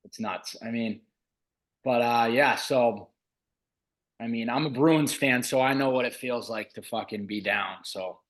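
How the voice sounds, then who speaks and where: Easygoing New England host, casual swearing. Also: male voice, mid-range voice, unhurried. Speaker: podcast host. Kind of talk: casual podcast chat.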